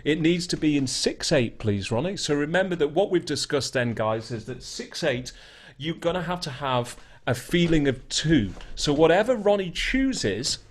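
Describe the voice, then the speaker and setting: A man's voice: fairly high pitch, very animated, normal speed. A man teaching an online beginner guitar lesson in a chatty, explaining way. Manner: chatty, explains while scatting rhythms.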